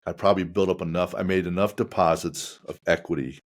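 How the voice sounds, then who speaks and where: Very deep-voiced male podcast host. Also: steady tone. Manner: measured, reflective, asks long rambling questions. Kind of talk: casual interview chat.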